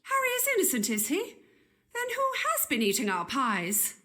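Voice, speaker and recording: A woman's voice: a little high, huge pitch swings, moderate pace, bright, forceful tone, exaggerated voice. A flustered Elizabethan lady. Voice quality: prim, breathless period diction. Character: fussy Elizabethan noblewoman, flustered and gossipy. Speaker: patient. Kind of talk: period game voice acting.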